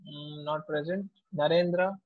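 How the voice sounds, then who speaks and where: A man, a teacher taking attendance in an online class in a slow, unhurried way. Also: a little high, fairly even intonation. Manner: slow, unhurried roll call. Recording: tinny, phone-like audio.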